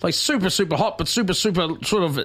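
A man hosting a casual radio chat, rambling and excitable with many restarts. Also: high voice, fast, husky. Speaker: radio show host.

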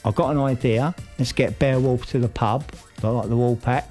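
A man's voice: mid-range voice, steady tone, moderate pace, darkish tone, soft background music. A man casually recapping a soap plot, rambling with lots of fillers and restarts. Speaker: podcast co-host recapping a soap. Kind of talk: casual chat, storytelling recap.

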